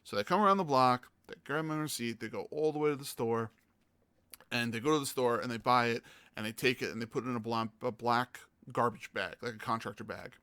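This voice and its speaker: A man hosting a gaming podcast, telling stories in a casual, animated way and acting out the people he quotes. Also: mid-range voice, fairly quick, clean tone, no room sound. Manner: animated, acts out quoted voices. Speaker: podcast host. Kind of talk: casual storytelling chat.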